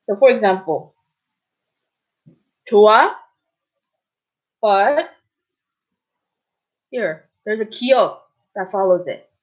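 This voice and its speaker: A woman's voice: mid-range voice, lively intonation. Patient woman teaching, muffled lo-fi audio. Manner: patient, repeats words slowly, checks in with "okay? right?". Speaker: Korean language teacher. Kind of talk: casual spoken lesson.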